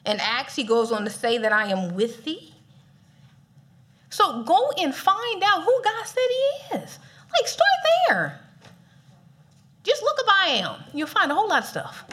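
Female preacher, high and very expressive, casual and funny. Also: a little slow, long pauses. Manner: animated, playful, laughs often. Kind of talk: casual sermon.

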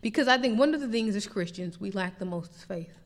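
A woman teaching a sermon in an animated, conversational way, acting out little asides as she preaches. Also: mid-range voice, fairly quick, long reverb tail. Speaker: pastor, Bible teacher. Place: church sanctuary.

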